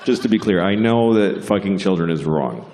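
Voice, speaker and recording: A man doing a stand-up comedy set, telling stories in a deadpan, unhurried way and jumping into high character voices. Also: a faint crowd, slight background noise. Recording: live venue with audience laughter.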